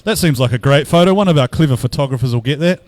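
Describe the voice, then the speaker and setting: A man's voice: medium pitch, quick pace, dry recording. A man commentating live at an outdoor drift event, bantering and teasing the crowd between battles.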